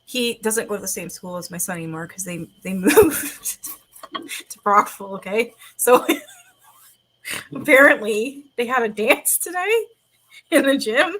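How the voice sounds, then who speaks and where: Bright, laughing woman host. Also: a little high, lively intonation, unhurried, pauses often. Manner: laughing, rambling storyteller. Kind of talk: casual chat and reading ghost stories.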